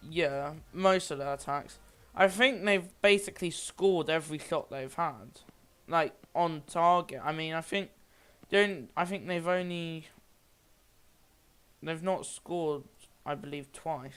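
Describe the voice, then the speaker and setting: High, smooth-voiced amateur match commentator. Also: male voice, slow pace, fairly bright tone. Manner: rambling, with frequent restarts and self-corrections.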